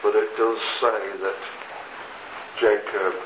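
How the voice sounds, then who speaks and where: A man preaching a sermon, reading scripture slowly and deliberately. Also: on the low side, little pitch movement. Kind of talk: expository sermon. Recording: echoey lo-fi radio recording with noise.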